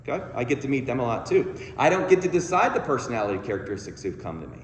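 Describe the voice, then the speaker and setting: A man's voice: medium pitch, very animated, very fast, slight background noise. A man working as a therapist gives a conversational, self-deprecating church talk, often checking in with the audience. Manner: conversational, self-deprecating, frequent "okay?" asides. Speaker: guest speaker, therapist. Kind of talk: sermon-style talk with humor. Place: church sanctuary. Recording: roomy hall reverb, faint ambience.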